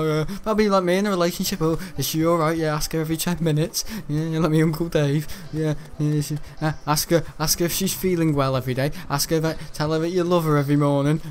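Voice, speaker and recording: A man's voice: a little high, a little hiss or hum. A man chatting casually while streaming a game, rambling and joking and laughing often. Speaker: gaming streamer. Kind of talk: casual livestream chat while gaming.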